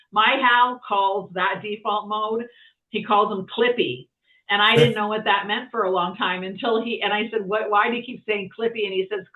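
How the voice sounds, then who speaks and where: A woman guest chatting casually, rambling with lots of fillers and restarts. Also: mid-range voice. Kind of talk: casual conversation. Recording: tinny phone-like sound from far off.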